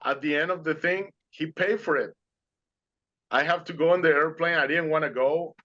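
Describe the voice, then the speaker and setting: A man's voice: a little high, fairly even intonation, moderate pace, bright, forceful tone, lo-fi sound. A man speaking as an interview guest, telling his story earnestly and animatedly in non-native English phrasing over a video call.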